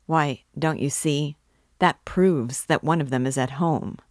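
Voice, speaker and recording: A woman's voice: sits low, unhurried, a little mellow, no echo, clean studio sound. A woman reading aloud, voicing an eager young male law student who talks urgently and insistently.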